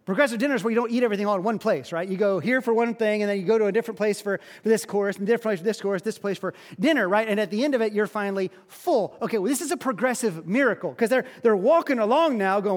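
A male pastor preaching a sermon, telling the story in an animated way and often repeating words. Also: very high voice, racing, hardly any pauses. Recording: long hall reverb.

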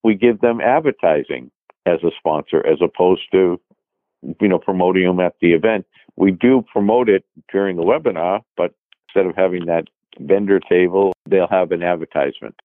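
A middle-aged man with a Boston accent talks in a relaxed, rambling way, circling back on himself with fillers. His voice sits very low. It comes over a tinny, dry phone line. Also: normal speed, no room sound. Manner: rambling, many fillers and restarts. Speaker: podcast guest, trade journal publisher. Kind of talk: casual interview talk.

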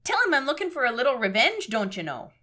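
Lady putting on a sweet minnesota ghost dad, high and bouncy, slow folksy drawl. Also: sing-song, sharp tone, full character voice. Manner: chirpy, slow folksy drawl with tag phrases. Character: folksy Minnesotan ghost king, polite and mild.

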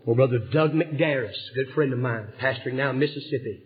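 A man preaching a revival sermon, telling stories with passion and swinging from hushed tones to shouting. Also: medium pitch, brisk. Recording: dull lo-fi sermon recording.

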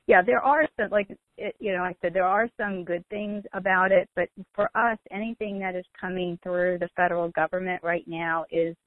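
A woman's voice: fairly low pitch, fairly even intonation, normal speed, few pauses, no echo. A woman hosting a radio talk show, chatty, with many fillers. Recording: dry, narrow phone-like radio sound.

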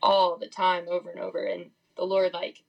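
A woman's voice: fairly low pitch, completely flat delivery, moderate pace, creaky, breathy edge, muffled recording. A young woman speaking as a podcast guest, sharing a personal faith testimony in a candid, rambling way full of "like" fillers. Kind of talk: casual testimony.

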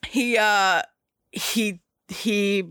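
A young woman retells a film in a lively, slangy way, laughing often and filling gaps with "uh" and "like." Her voice is bright and sharp. The recording is dry and close, with no room echo. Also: medium pitch, extremely slow, smooth. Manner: animated, slangy, laughs often, many fillers. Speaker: movie fan recapping a film. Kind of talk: casual storytelling chat.

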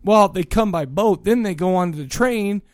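A high-pitched man riffs through a movie review on his podcast. He rambles, jokes and stumbles over foreign names, his voice dry and close. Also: moderate pace, no echo. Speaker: podcast co-host. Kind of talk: casual comedic movie review chat.

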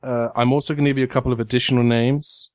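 A man narrating a tabletop game as game master, halting with many fillers. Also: medium pitch, level tone, darkish tone, no echo, clean studio sound. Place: game cafe.

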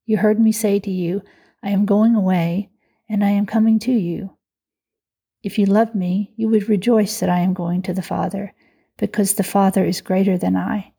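A woman reads a scripture passage aloud at a steady, even pace. Her voice is warm and mellow, with a soft breathy edge. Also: mid-range voice. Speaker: scripture reader. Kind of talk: scripture reading.

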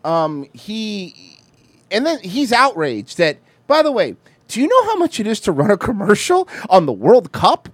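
A man's voice: sits high, wildly swooping pitch, unhurried, dry recording. A man co-hosting a podcast, joking crudely in casual chat. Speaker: podcast co-host.

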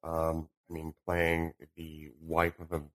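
A young man co-hosting a podcast, talking casually and rambling with lots of ums and quick asides. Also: rumbling low, completely flat delivery. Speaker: podcast co-host. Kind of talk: casual chat. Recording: poor home audio.

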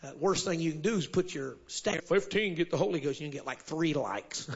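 Male preacher, high and husky, mid-sermon, lo-fi live church recording. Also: a little fast. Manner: builds to shouted call-and-response, sprinkles amen. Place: church service with congregation.

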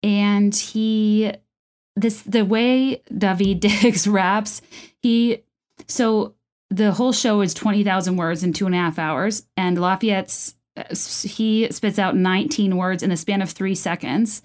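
A woman's voice: medium pitch, fairly even intonation, takes it slowly, darkish tone. A woman talking casually at home, enthusiastic and chatty, with lots of fillers and restarts. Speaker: video creator discussing a musical. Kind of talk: casual commentary.

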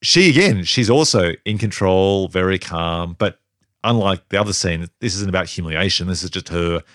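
Low-voiced man in casual film chat. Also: moderate pace, no echo, clean studio sound. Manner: animated, thinks aloud, laughs often. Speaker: podcast co-host.

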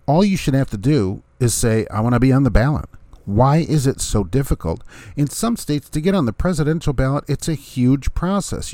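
A man's voice: mid-range voice, a little mellow, dry recording. A middle-aged man talking through his opinions in a casual monologue, asking rhetorical questions, chuckling, and acting out what others say. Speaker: vlogger, former third-party candidate.

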